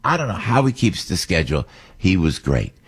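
A middle-aged man hosting a radio talk show, rambling excitedly and repeating his words as he tells a story. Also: deep voice, fairly quick, husky. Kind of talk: casual on-air storytelling.

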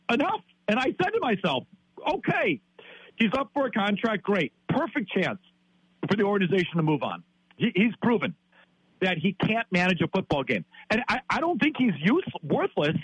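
A man's voice: high voice, fairly bright tone, husky, no room sound, low-quality recording. Exasperated ranting man in his fifties. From Wisconsin, US. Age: 50s. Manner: ranting, exasperated, repeats himself. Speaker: sports talk guest. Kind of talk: heated sports talk.

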